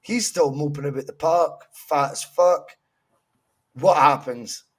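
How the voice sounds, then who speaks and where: Scottish male podcast co-host, fairly high husky voice, sweary and animated. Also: slow. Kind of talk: casual football podcast chat.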